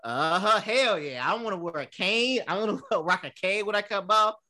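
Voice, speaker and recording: A man's voice: sits high, moderate pace, bright, forceful tone. A man in his thirties co-hosting a podcast, telling stories in a loose, profane way with lots of fillers. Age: 30s. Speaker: podcast co-host. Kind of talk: casual chat.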